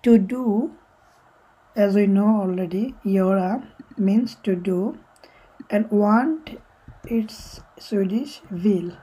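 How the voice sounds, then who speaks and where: A woman's voice: medium pitch, takes it slowly, pauses often, dark tone, breathy edge, low-quality recording. A woman teaching a language lesson step by step, patiently repeating each example and translating it, sometimes correcting herself.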